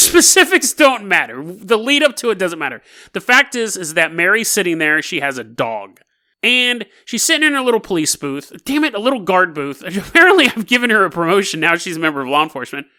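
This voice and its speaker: High, animated storytelling man. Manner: animated, laughs while telling. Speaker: podcast host. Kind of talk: casual storytelling.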